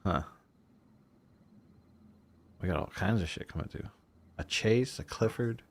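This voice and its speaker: A man's voice: fairly low pitch, a little slow. A man chatting as a guest, easygoing and laughing often, with casual swearing. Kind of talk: casual chat.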